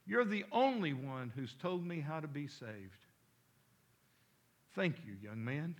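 A man's voice: sits high, animated, unhurried, pushed and bright, voice pushed up, heavily acted. A preacher voicing an old, down-on-his-luck drunk man with white whiskers, speaking in a raised, pleading voice. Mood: grateful.

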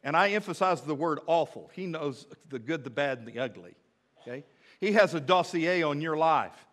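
A man delivers a sermon from the pulpit. His voice sits high and he takes his time, letting pauses land. He talks straight to the congregation, asking questions and stacking repeated phrases for emphasis. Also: fairly bright tone. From United States. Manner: rhetorical, asks the congregation questions, builds with emphatic repetition. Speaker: pastor.

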